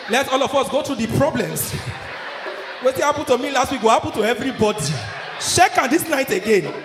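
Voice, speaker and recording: A man with a Nigerian accent doing live stand-up, loud and laughing as he works the crowd. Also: extremely high pitch, a little hiss or hum. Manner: loud, laughing, mixes Nigerian Pidgin with English. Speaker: stand-up comedian. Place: live comedy venue. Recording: echoey live room, faint ambience.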